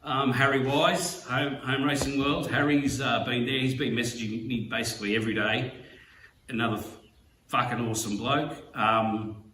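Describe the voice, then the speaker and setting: An Australian man talks through a heartfelt message, halting on fillers and dropping the odd swear word. He sits well back from the mic in an echoey room. A faint hum runs underneath. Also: medium pitch, steady tone, sharp tone. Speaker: slot car YouTuber. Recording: roomy, distant mic, faint background hum.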